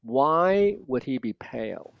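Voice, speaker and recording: A man coaching a student one on one, modeling lines slowly and repeating them with lively energy. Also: medium pitch, vocal fry, clean tone, dry recording, dull audio. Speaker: accent coach. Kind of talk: one-on-one language lesson.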